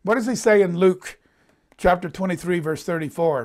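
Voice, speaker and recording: A man's voice: sits high, normal speed, a little mellow. Man giving a conversational Bible teaching. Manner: reads scripture aloud and comments, voicing quotes with emphasis. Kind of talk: conversational sermon. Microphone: presenting in front of a board.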